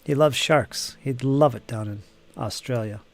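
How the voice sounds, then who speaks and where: A man's voice: medium pitch, a little slow, faint music behind. A man hosting a live painting stream, chatting casually and teasing viewers as he reads their comments aloud. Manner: joking, teasing chatter with frequent laughs.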